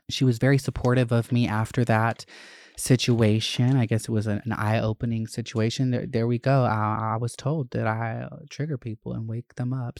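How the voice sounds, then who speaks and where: A young adult vlogger telling a school story in a profane, animated, gossipy way. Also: mid-range voice, no room sound, clean studio sound. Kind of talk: casual storytelling.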